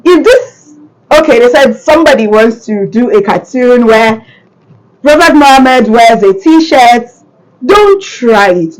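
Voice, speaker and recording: A woman's voice: fairly high pitch, rough recording. A Nigerian woman hosting a reaction video, talking casually and emphatically, repeating her points. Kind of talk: casual commentary.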